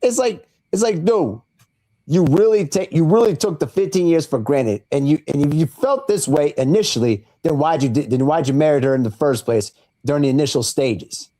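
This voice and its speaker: Male podcast co-host, mellow warm tone, blunt, casual, says "bro" a lot. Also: fairly high pitch, lively intonation, normal speed. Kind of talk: podcast commentary.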